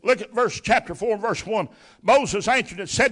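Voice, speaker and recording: Pastor, male, high and bright voice, folksy animated preacher who acts out scripture. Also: normal speed. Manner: folksy, colloquial. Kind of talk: sermon.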